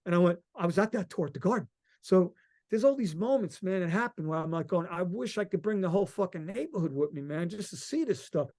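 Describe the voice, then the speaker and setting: A middle-aged man from Long Island, a musician guest telling stories in a rambling, excited way and swearing freely. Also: sits high, fairly quick. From Long Island, New York. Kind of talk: casual interview chat.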